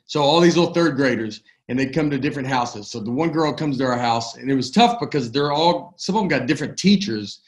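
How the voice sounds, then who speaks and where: A man in his forties, a comedian guest on a podcast, telling rambling, halting stories in casual chat. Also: medium pitch, lively intonation. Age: 40s.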